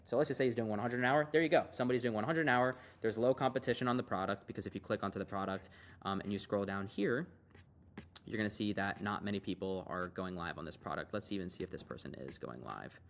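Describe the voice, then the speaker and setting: A young man giving a casual, hyped screen-share tutorial as an online business coach, talking fast and loose with lots of fillers. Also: lowish voice, slight background noise.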